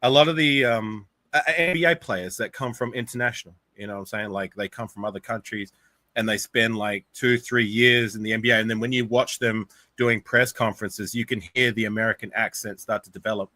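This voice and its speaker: A man's voice: on the low side, a little fast, bright, forceful tone, dry recording. A man with an Australian accent, a guest in a casual sports chat, arguing his point and saying "like" often. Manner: argumentative, uses "like" often.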